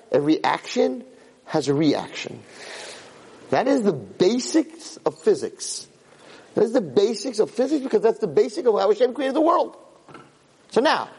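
An animated rabbi's voice that swings up and down through a wide, high range as he teaches. His tone is husky and the recording rings with long hall reverb. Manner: lively, emphatic storyteller who jumps into character voices. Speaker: rabbi giving a Torah class. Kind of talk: animated Torah lecture with storytelling.

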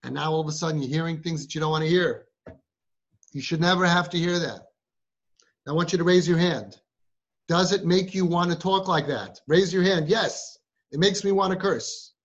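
A man's voice: fairly high pitch, brisk, pauses often. A man who guides families, giving a live talk to a group of girls and firing rhetorical questions at them. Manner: rhetorical, fires questions at the audience. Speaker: parenting guide addressing siblings. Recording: muffled recording.

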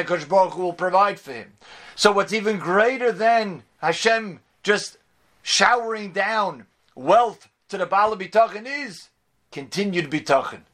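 Man, religious lecture, high voice, emphatic, repetitive, Hebrew and Yiddish terms. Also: fairly bright tone. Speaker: Torah teacher.

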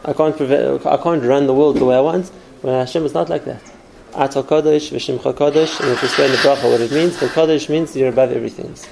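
A man's voice: medium pitch, steady tone, fast, gravelly, hardly any pauses, darkish tone, a little hiss or hum, poor audio. A man giving an earnest spoken Torah class, explaining step by step with numbered points. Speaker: Torah teacher.

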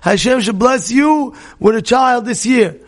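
A man voicing a sympathetic rabbi who consoles a couple and gives a blessing in a soft, repetitive way. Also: very high-pitched, a little slow, pitched above the performer's own voice. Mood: consoling. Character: consoling older male rabbi giving a blessing.

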